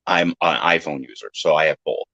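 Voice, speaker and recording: A man in casual chat who tells animated stories, acting out other people's lines in silly high voices and swearing freely. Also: a little fast, creaky, no room sound. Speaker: podcast panelist. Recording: dry, dull lo-fi sound.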